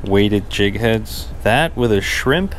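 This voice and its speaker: A young man narrating his fishing trip from a small boat, casual and excitable, breaking into loud exclamations whenever a fish bites. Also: lowish voice, slow pace, a little hiss or hum. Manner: excitable, exclaims loudly when fish bite. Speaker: fishing vlogger. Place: small boat on the water outdoors.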